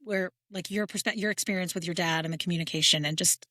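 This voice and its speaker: Woman co-host, bright forceful tone, rambling casual storyteller, dry sound. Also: on the low side, fairly even intonation, quick pace, no echo. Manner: rambling, restarts mid-story. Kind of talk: casual chat.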